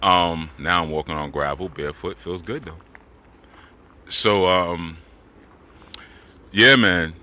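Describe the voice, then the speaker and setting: A man's voice: deep voice, slow, pauses often, bright, forceful tone. A man telling stories in a laid-back, rambling way with slang while walking outdoors in the woods. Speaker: spiritual teacher. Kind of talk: casual talk while walking.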